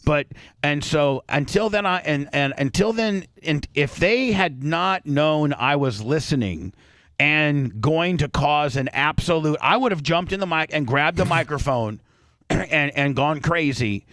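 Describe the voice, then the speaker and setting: A man's voice: fairly high pitch, animated, measured pace, dry recording. Rambling male radio host. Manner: rambling storyteller, acts out quotes loudly. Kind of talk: casual radio banter.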